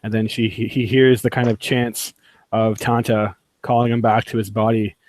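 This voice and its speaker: Male player, mid-pitched, dry close audio. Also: flat delivery, moderate pace, darkish tone, no echo. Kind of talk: rules talk and character narration.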